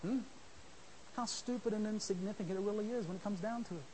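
High-voiced preacher swinging loud to soft. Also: male voice, fast, a little hiss or hum, poor audio. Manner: swings from shouting to soft, mimics church members. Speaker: visiting preacher. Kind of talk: sermon. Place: church.

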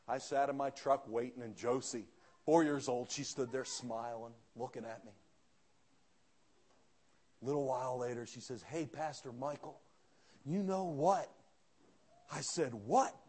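A pastor preaching a sermon, telling a story with quoted dialogue and rising to fervent outbursts. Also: male voice, mid-range voice, steady tone, normal speed, long pauses, darkish tone, breathy edge.

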